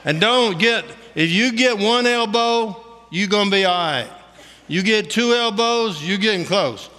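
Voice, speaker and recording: A middle-aged man preaching a testimony sermon in a high, bright voice. He talks in a folksy, joking, colloquial way. His voice rings with the long reverb of a big hall. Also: measured pace. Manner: folksy, humorous storytelling; colloquial Southern-style grammar, "ain't".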